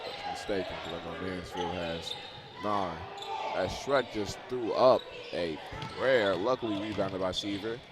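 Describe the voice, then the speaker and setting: A man doing casual, chatty play-by-play for a college basketball game. He sometimes bursts into loud, excited calls on big plays. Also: deep voice, measured pace, background noise. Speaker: play-by-play commentator.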